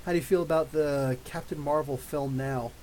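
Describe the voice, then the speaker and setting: Man, podcast host, rambling animated storyteller, slightly high voice, faint hiss. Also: normal speed, low-quality recording. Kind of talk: casual live chat reading viewer questions.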